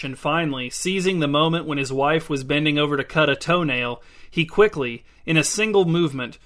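A man reading literary short stories aloud in a measured, deliberate way. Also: a little high, fairly bright tone. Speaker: reader.

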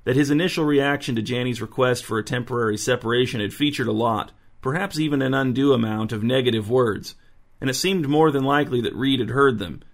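A man narrating a story in a dry, even reading voice. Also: mid-range voice, a little fast, vocal fry. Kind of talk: audiobook narration.

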